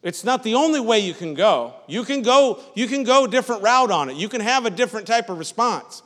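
A man's voice: high voice, sing-song, a little fast, fairly bright tone. A man preaching a sermon as pastor, in a conversational style that often stops to ask the congregation "Amen?" and repeats phrases as he goes. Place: church sanctuary. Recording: reverberant church hall.

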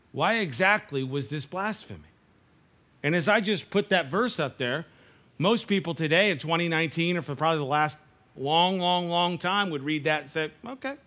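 High-voiced man preaching a sermon. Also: sharp tone. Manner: conversational preaching, acts out dialogue, frequent restarts. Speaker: pastor.

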